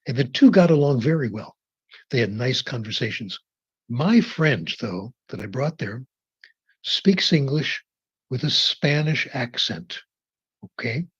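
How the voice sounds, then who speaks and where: A man giving a conversational lecture on language learning, telling anecdotes and slowing down for emphasis. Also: mid-range voice, lively intonation, slightly rough. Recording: dull muffled lecture recording.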